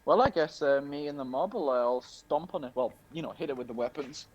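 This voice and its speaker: A man's voice: medium pitch, a little fast, darkish tone, highs cut off. A man playing in a tabletop game, casual and unsure, often asking about the rules. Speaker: player.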